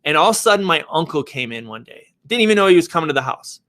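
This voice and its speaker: A man who works as a real estate agent and developer tells a personal story, animated and conversational. His voice is fairly high-pitched and he speaks very fast.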